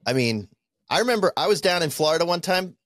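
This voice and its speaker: A man with a New Jersey accent telling profane, animated stories as a podcast co-host. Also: a little high, quick pace, no room sound, studio quality. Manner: profane storytelling, animated put-on quotes. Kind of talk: casual chat.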